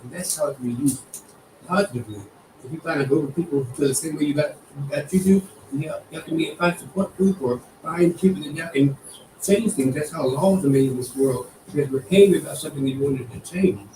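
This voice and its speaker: A man's voice: on the high side, fairly quick, mellow. Earnest man heard from across a room. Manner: earnest, thinking aloud with restarts. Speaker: group participant. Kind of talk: casual discussion. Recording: distant roomy mic with faint noise.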